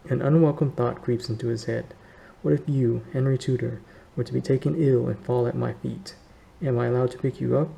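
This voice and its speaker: A man reading a historical novel aloud in a measured way, lightly voicing the characters, with faint background noise. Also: medium pitch, creaky, mellow, rough recording. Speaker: reader.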